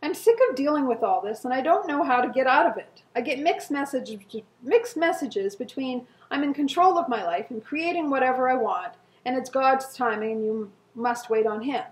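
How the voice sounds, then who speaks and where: Middle-aged woman reading her old diary out loud, kinda high voice, heartfelt, echoey room. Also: animated, moderate pace, few pauses. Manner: earnest and emotional, with soft laughs and sighs. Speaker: co-host. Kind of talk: reading old journal entries aloud, casual chat.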